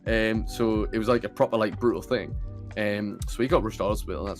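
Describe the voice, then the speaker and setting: A young man hosts a podcast and tells a casual story, rambling and swearing, with lots of fillers. His fairly low voice has fairly even intonation and a brisk pace. Faint music sits behind him, picked up by a computer camera mic.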